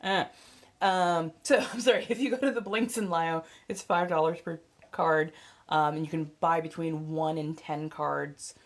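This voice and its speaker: Low-voiced blunt woman streamer chatting. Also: steady tone, a little slow. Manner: blunt, profane, chatty with frequent fillers and laughs. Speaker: livestream host and tarot reader. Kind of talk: casual livestream chat.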